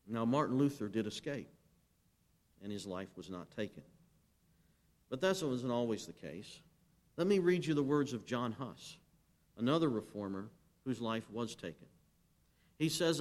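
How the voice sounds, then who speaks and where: Brief: male pastor, mid-pitched, forceful sermon delivery, prompts the congregation to reply, reads scripture aloud. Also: lively intonation, unhurried, pauses often. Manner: emphatic preaching, asks the congregation to answer.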